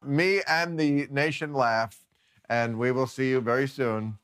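A man's voice: mid-range voice, a little slow, a bit bright, clear, resonant tone. A man hosting a talk show, teasing his guest and laughing often.

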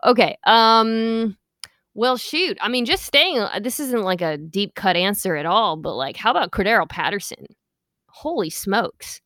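A woman in her thirties hosts a casual sports podcast. She talks in quick, chatty asides and turns playfully defensive when teased. Her voice sits at a middle pitch and sounds dry and close. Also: expressive, a bit bright, no echo. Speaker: podcast host.

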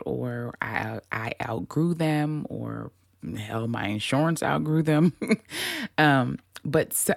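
A woman's voice: very deep voice, creaky, darkish tone, no echo, studio quality. A woman hosting a solo podcast, talking in a chatty, playful way and stretching out the words she wants to stress. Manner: chatty and playful, drawn-out emphasis on key words. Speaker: podcast host.

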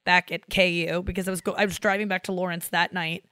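A woman's voice: on the low side, fast, dry recording, clean studio sound. A woman in her thirties, a comedian, chatting casually on a podcast and acting out the people she quotes. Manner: animated storyteller who acts out quoted voices. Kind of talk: casual chat.

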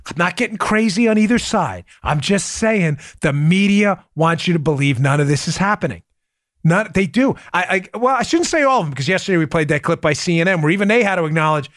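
Animated, high-pitched male podcast host. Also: fairly quick, no room sound, clean studio sound. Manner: animated, emphatic, repeats key phrases, laughs often; addresses listeners as "folks". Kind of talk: political commentary podcast.

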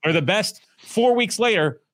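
A man with a slightly high voice talks in a blunt, profane, animated way in a casual podcast chat. He runs a police training company and acts out quoted talk in loud bursts. The sound is dry and close. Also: normal speed, no room sound.

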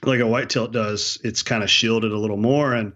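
A man with a bright, forceful voice, chatting casually and telling stories in an animated, slangy way. The recording sounds dull and lo-fi. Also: fairly low pitch, brisk. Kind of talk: casual chat.

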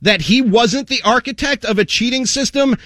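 High-voiced man in a furious rant. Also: moderate pace, a bit bright, no room sound, studio quality. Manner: angry, sarcastic, repeatedly addressing an absent target. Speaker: sports radio host. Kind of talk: heated sports talk rant.

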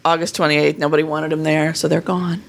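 A woman co-hosting a casual podcast chat, animated and quick to laugh. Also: low voice, creaky, a little hiss or hum. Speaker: podcast co-host.

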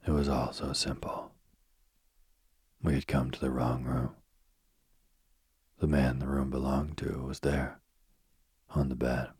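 A man narrating a ghost story aloud in a hushed, often whispered delivery. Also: dry recording. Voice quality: very deep, husky voice.

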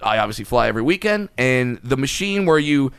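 A man casually telling a profane, animated story in a podcast chat, getting louder and higher as it builds. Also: brisk, gravelly, clear, resonant tone, dry recording.

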